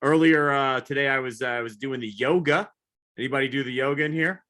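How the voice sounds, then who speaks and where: A man doing a rambling, self-deprecating stand-up comedy set, now and then yelling high whoops. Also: brisk. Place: comedy show, live virtual audience.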